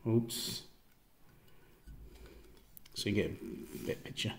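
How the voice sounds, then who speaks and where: Soft-spoken man rambling about a knife. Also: takes it slowly, slight background noise. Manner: relaxed, repeats himself, stumbles over words; often drops to a quiet, murmured voice. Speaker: knife reviewer. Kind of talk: casual product review vlog.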